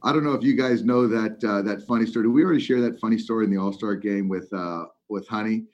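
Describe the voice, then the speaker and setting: A middle-aged man, a former ballplayer, chatting about baseball and telling an animated story with lots of fillers. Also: lowish voice, quick pace. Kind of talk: casual sports chat. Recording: slightly muffled lo-fi audio.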